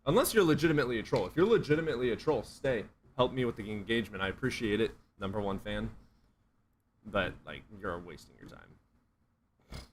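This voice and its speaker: A man's voice: lowish voice, expressive, brisk, slight background noise. A man streaming and answering chat questions in a blunt, profane, sarcastic way. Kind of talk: casual livestream chat.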